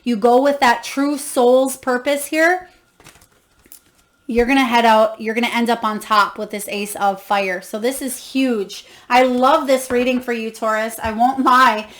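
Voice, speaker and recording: A woman's voice: a little high, steady tone, measured pace. A woman giving a tarot card reading to viewers, effusive and encouraging, reading guidebook passages aloud and exclaiming with emotion. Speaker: tarot reader.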